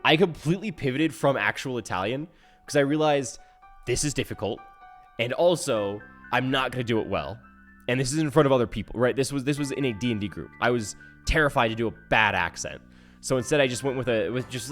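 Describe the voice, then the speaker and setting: A man streaming a game live, talking casually in a rambling, self-interrupting way full of restarts, swinging from soft mumbles to loud outbursts. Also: mid-range voice. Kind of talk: casual live-stream chat while gaming.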